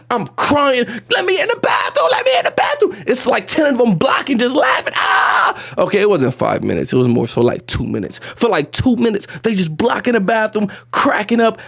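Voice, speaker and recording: A man telling a painful personal story as a vlog monologue, animated and repetitive, slangy and profane, close to tears. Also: high voice, gravelly. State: emotional, on the edge of tears.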